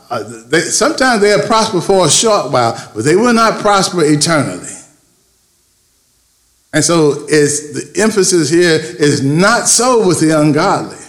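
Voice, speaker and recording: A man's voice: medium pitch, reverberant. A man preaching a sermon as pastor, calling for responses and stretching key words for emphasis. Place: church sanctuary.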